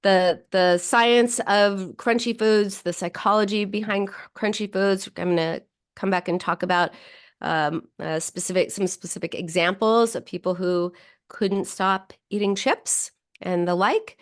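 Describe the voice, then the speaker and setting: A woman psychologist hosts a radio talk show, her voice sitting at an ordinary middle pitch. She speaks in a loose, conversational way, full of restarts and fillers. She leaps up in pitch whenever she acts out the thoughts in people's heads. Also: unhurried, smooth. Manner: animated, jumps higher when voicing inner thoughts.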